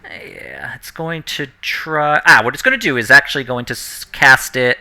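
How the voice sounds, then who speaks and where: A man's voice: medium pitch, moderate pace, bright, forceful tone. A man running a tabletop game as dungeon master, explaining the rules and correcting himself as he goes.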